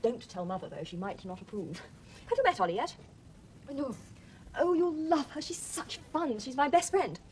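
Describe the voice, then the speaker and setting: An actress playing an excitable, spoiled upper-class schoolgirl who gushes breathlessly, in a 1970s TV period drama. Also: high-pitched, normal speed, slight background noise. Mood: excited. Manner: breathless, gushing.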